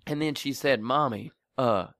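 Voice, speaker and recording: A man with a mid-range voice, speaking at normal speed with no room sound, co-hosts a podcast. Casually chatting, he tells an animated story, imitating the people in it and laughing frequently.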